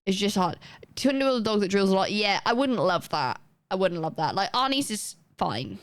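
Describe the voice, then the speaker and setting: A young woman chatting casually on a live gaming stream, rambling and self-deprecating with quick asides. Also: medium pitch, lively intonation, no echo. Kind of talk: casual chat while gaming.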